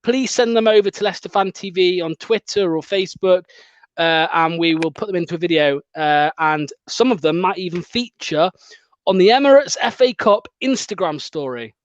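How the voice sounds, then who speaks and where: Upbeat high-voiced host on a lo-fi call. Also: male voice, normal speed. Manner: chatty and upbeat, laughs often. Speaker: fan channel host. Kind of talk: casual live-stream chat. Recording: dull lo-fi dry stream audio.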